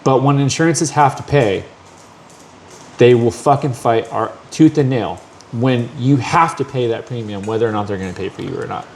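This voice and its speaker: A man's voice: mid-range voice, normal speed, a little hiss or hum. A man hosting a podcast, telling a long story in casual chat, swearing often and acting out the people in it. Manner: profane, animated storytelling with acted quotes. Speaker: podcast host.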